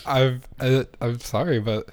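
A man's voice: medium pitch, fairly even intonation, measured pace. A man in an improv comedy scene, teasing the others with mock questions. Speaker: improv performer.

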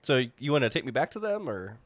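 A man's voice: medium pitch, big pitch swings, fast, no echo. A man playing a tabletop game, playful and goofy, often laughing. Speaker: player. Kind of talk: casual tabletop role-play.

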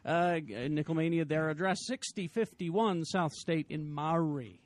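A man's voice: a little high, normal speed, dry recording. A man hosting a casual group podcast, rambling with lots of fillers and mock-dramatic reads. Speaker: podcast host.

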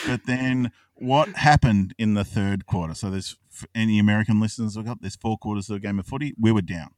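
A man in his thirties with an Australian accent, an excitable podcast co-host who tells a long story, swears and laughs often. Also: on the low side, a little fast, dry recording, far from the mic. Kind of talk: casual chat.

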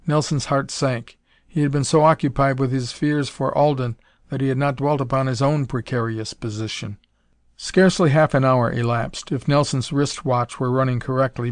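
An audiobook narrator reads an adventure novel aloud in scripted, measured storytelling. His voice is mid-range, and the studio-quality recording carries no room sound.

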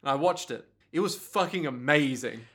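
Lively, animated young man with a bright voice. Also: fairly high pitch, husky. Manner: animated, swearing, quick to laugh. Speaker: podcast co-host. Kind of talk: casual banter recapping an anime.

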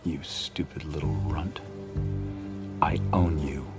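Brief: a cruel boss, very low growl, film audio with music underneath. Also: male voice, fairly even intonation, slow pace. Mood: menacing. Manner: low, threatening, half-whispered. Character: menacing bullying male company boss.

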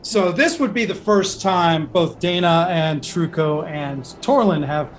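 High-voiced male game master. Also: measured pace, slight background noise. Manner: rambling, many fillers and restarts. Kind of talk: narrating a tabletop game.

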